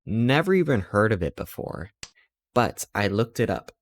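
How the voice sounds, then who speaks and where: Low-voiced man rambling playfully. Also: very animated, moderate pace. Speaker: streamer. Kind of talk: casual chat while streaming.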